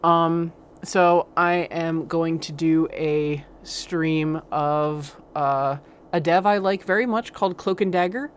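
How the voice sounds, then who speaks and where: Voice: medium pitch, takes it slowly, a little hiss or hum. A game streamer giving casual let's-play commentary, rambling and hesitant, with many fillers.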